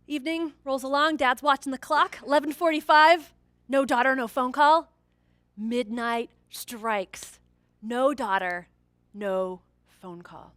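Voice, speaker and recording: A woman's voice: high voice, slow pace, no echo, clean studio sound. A woman giving a keynote training talk, telling a story and acting out the people in it. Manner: animated storyteller acting out quoted characters. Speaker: corporate trainer and keynote speaker.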